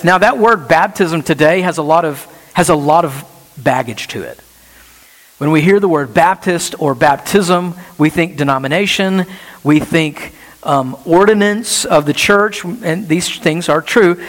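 In a church sanctuary, a male pastor delivers an animated sermon at normal speed, his voice a little high. He peppers his preaching with rhetorical questions, and the long reverb of the church hall fills the recording.

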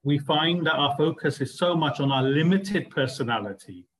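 A man's voice: a little high, expressive, moderate pace, fairly bright tone, rough recording. A man teaching a spiritual study group, explaining ideas earnestly and asking the class rhetorical questions. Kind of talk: class discussion lecture.

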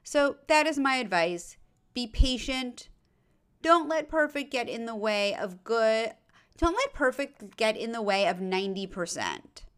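Lively, chatty, tired woman podcast host. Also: fairly high pitch, a little slow, smooth. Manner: chatty, self-deprecating, lots of fillers and asides. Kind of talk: casual solo chat giving advice.

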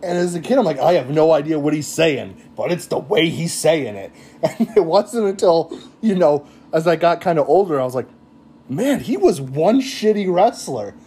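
A man hosting a casual interview, who chats in a relaxed way, agrees and swears. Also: a little high, normal speed, breathy edge. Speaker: interviewer, host.

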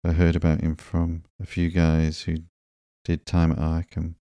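Guy doing a nervous awkward young dude, halting, dark low voice, dry. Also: monotone, no room sound. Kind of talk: sleepy comic book reading.

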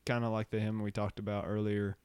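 A man, co-hosting a casual podcast and chatting easily. His voice is smooth and resonant, with a dry, close-miked sound. He talks in a relaxed, halting way with fillers. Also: on the low side, no room sound. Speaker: podcast co-host. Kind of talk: casual chat.

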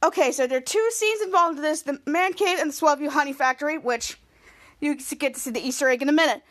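A woman hosting a podcast, recapping a TV episode in a casual, excitable way, repeating herself and correcting her own words. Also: sits high, fast talker. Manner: excitable, repetitive, frequent self-corrections. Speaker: podcast host.

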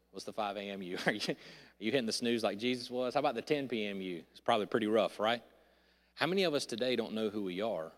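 Candid man preaching in an echoing church. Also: medium pitch. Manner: candid, self-deprecating, swings from shouting to hushed. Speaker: pastor. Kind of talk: sermon. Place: large church hall. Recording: reverberant church sanctuary.

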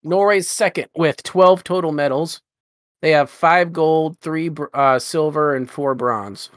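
A man's voice: on the high side, a little slow, dry recording, studio quality. A man co-hosting a podcast in casual chat, laid-back and often answering with short agreement. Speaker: podcast co-host.

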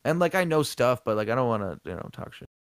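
A man's voice: medium pitch, very animated, fast talker, clean tone, dry recording, clean studio sound. A man co-hosting a casual podcast chat, rambling and profane, often laughing. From American Midwest. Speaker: co-host.

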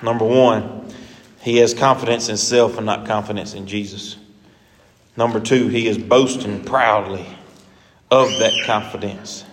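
A man preaching a sermon, lively and acting out the scripture he quotes. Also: mid-range voice. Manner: animated, acts out scripture quotes. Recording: echoey hall with long reverb.

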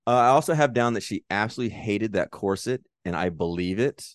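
Young male podcast co-host, low voice, dry close sound, animated movie chat, goes into silly put-on voices. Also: fairly quick, no room sound. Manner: animated, acts out movie lines in exaggerated voices.

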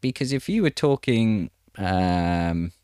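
A man's voice: deep voice, lively intonation, slow pace, a little mellow, clear, resonant tone, no echo, clean studio sound. A man reading a news article aloud and breaking off for chatty, wry asides to his viewers. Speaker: news commentator.

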